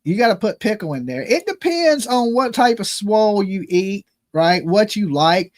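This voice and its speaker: Male stream host, high voice, loose profane joker, dry close sound. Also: big pitch swings, normal speed, no echo. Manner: loose, rambling and profane, jokey phone-prank banter. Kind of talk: casual joking livestream chat.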